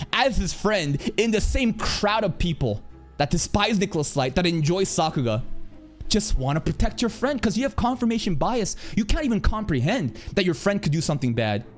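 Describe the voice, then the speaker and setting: A man streaming an angry rant, aggressive and profane, speaking in a rapid, assertive way. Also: high-pitched, sing-song, soft background music.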